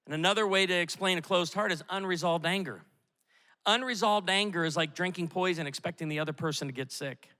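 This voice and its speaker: A middle-aged male pastor preaching a sermon, telling stories in an animated way with quick asides. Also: high voice. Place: church auditorium. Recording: echoey hall with long reverb.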